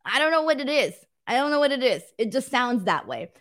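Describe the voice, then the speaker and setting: High-pitched, very animated and a bit bright, this woman talks fairly quickly. With her California Valley girl accent, she hosts a wrestling show and jokes at her own expense while casually chatting with viewers on a livestream.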